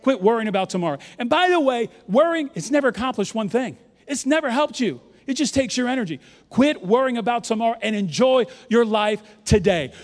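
A man in his fifties from New York, a pastor preaching an animated, joking sermon and leading the congregation in call-and-response. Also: very high-pitched, brisk. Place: large church auditorium. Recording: long hall reverb from a large church.

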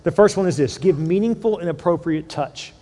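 A middle-aged man preaching a sermon as a pastor, conversational and animated, often repeating words as he tells stories. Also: on the high side, brisk. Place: large church hall. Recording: long hall reverb.

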